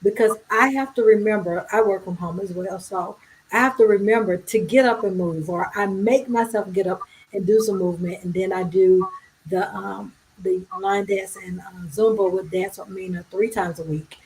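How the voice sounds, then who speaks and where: A woman hosting a livestream interview on a video call, chatting casually and agreeing warmly with her guest. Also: mid-range voice, moderate pace, poor audio. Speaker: livestream host.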